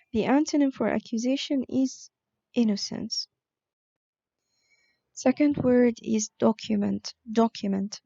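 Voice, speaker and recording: A woman teaching an online vocabulary lesson, explaining words slowly with frequent fillers. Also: fairly high pitch, mellow, no room sound, dull audio. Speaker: English teacher.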